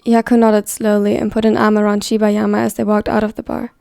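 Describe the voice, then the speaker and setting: A woman reading a story aloud in a steady, even scripted narration. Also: medium pitch, fairly quick, creaky, dry recording, clean studio sound, soft background music. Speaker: fan fiction reader.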